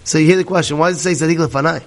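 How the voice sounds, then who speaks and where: High-voiced rabbi telling lively stories. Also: male voice, rapid-fire. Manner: animated storytelling, many repetitions; laughs often while talking. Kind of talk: Torah class.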